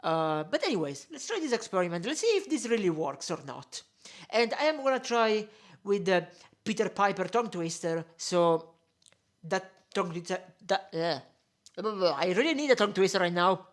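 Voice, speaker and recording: A woman's voice: medium pitch, very animated, normal speed. A woman casually demonstrating microphone gear at her home setup. She explains as she goes and uses plenty of fillers. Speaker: streamer testing microphone gear. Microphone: desktop condenser microphone.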